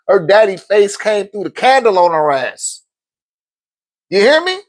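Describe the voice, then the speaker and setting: A man's voice: high voice, takes it slowly. A man, a spiritual teacher telling stories in casual teaching talk, acting out quotes and laughing often. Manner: animated storytelling, acts out quotes, laughs often.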